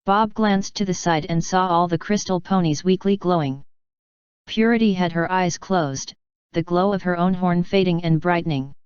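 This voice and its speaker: A woman reading fanfiction aloud as an audiobook, in a steady, even storytelling manner. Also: lowish voice, normal speed, clean tone, no room sound. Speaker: fanfiction reader. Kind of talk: audiobook narration. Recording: dull lo-fi dry recording.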